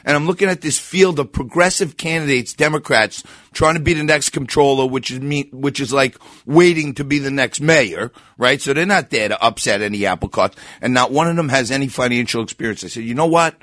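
A man, a candidate guesting on a radio show, making a blunt, forceful campaign pitch. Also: fairly quick, no echo, studio quality.

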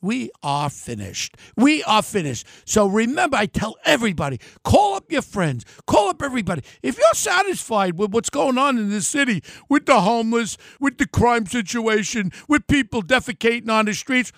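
An older man tears into a combative political rant as a podcast host. His voice sits very high for a man and crackles with gravel, and his tone is sharp and forceful. The sound is close and dry, with no room around it. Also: dry recording. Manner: loud, heated, ranting and combative.

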